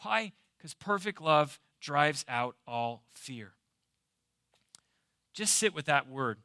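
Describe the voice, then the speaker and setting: A man's voice: fairly high pitch, lively intonation, slow pace, pushed and bright, no echo, clean studio sound. A man preaching a sermon as pastor, emphatic, asking rhetorical questions and repeating key phrases. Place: church.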